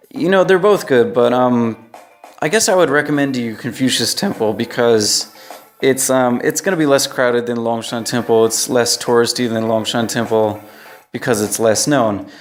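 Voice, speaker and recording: An American man talks through his travel picks in a relaxed, conversational vlog voice, often tagging his points with a quick "right?". His pitch sits at an ordinary middle level. Quiet background music plays faintly beneath him. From United States. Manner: loose and conversational, frequent "right?" tags. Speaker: vlogger. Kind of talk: casual travel recommendations.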